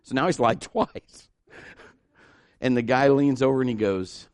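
A middle-aged man preaching a sermon, telling a story and acting out the people in it, swinging between loud and hushed. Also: medium pitch, unhurried, long pauses, no echo. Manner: animated, acts out dialogue, shifts between loud and hushed.

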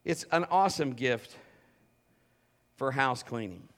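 A male pastor preaching a sermon with an animated delivery that swings from loud bursts to low, intimate tones. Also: takes it slowly.

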